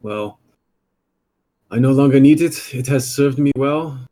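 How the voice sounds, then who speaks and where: A male player speaks in character with stiff, formal phrasing. He takes his time, talking slowly and deliberately at a middle pitch. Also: dark tone. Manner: formal, measured speech. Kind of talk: in-character tabletop role-play.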